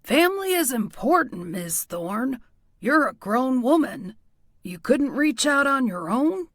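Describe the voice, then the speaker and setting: A woman's voice: sits high, sing-song, takes it slowly, fairly bright tone, dry recording, clean studio sound, exaggerated voice. A woman doing a folksy older police chief. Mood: probing. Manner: folksy, probing questions. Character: genial older male small-town police chief. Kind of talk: audiobook character voice.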